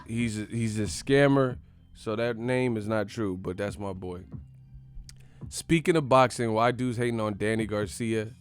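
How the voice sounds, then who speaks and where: A man hosting a boxing channel in casual, playful banter full of slang, often breaking into loud yelled movie catchphrases. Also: lowish voice, unhurried, clean tone, soft background music.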